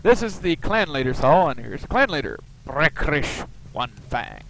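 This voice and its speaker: A man narrating his own gameplay in a loose, rambling way, tossing in wry asides. His voice sits a little high for a man. Faint noise hums behind him. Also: big pitch swings, normal speed, gravelly, hardly any pauses, fairly bright tone, low-quality recording. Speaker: let's play host. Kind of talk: casual gameplay commentary.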